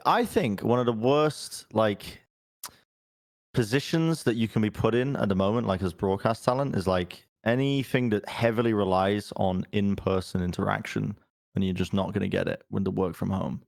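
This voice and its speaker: Low gravelly man asking questions. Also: normal speed, darkish tone, dry recording, studio quality. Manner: laughs along, asks thoughtful follow-up questions. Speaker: podcast co-host. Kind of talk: casual chat.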